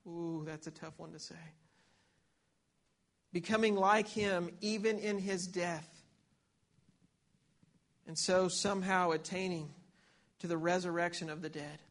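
Male pastor, sermon; high, flat-toned voice; reads Scripture, repeats words on restarts. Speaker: preacher.

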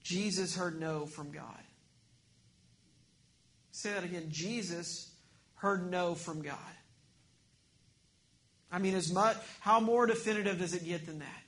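High-voiced man preaching a sermon. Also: moderate pace, pauses often. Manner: earnest preaching, swings between emphatic and hushed. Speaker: pastor.

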